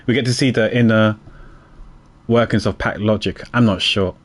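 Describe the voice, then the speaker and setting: A man's voice: on the low side, steady tone, moderate pace. A man streaming a game, chatting casually and animatedly, stammering a little when he explains things. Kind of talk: casual gaming commentary.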